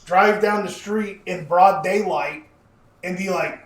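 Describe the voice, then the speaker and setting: High-voiced man telling stories on a podcast. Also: slow. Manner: animated, profane storytelling. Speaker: podcast co-host. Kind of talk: casual podcast chat. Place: home basement. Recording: roomy basement echo.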